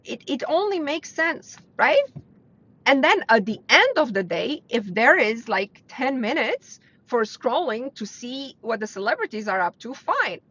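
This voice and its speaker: A woman's voice: big pitch swings, measured pace, a bit bright, dry recording. Blunt motivational woman on a lo-fi stream. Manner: blunt, earnest, rises in pitch to stress points. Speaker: host of a weekly live mindset stream. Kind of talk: casual motivational talk to live viewers. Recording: dull lo-fi livestream audio.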